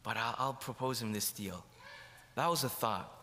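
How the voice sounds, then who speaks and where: In a church, a man gives a sermon testimony, telling his story and acting out the quoted dialogue. His medium-pitched voice sounds pushed and bright at a normal speed, with long hall reverb on the recording.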